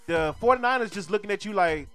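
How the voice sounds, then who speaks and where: A hoarse male streamer ranting about a football game and repeating his complaints in exasperation. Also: sits high, expressive, fast talker, bright, forceful tone, soft background music. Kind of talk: sports rant.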